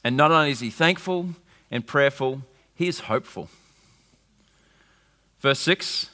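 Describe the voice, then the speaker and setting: A man, preaching a sermon with animated storytelling and wry humour. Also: mid-range voice, a little slow, long pauses. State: recovering from flu. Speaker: pastor. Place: church hall. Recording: reverberant hall.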